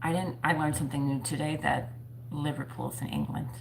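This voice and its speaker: A woman's voice: low voice, fairly even intonation, fairly quick, gravelly, slight background noise, rough recording. A woman hosting a casual livestream from home, chatting with viewers in a playful, self-mocking way. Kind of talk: casual chat.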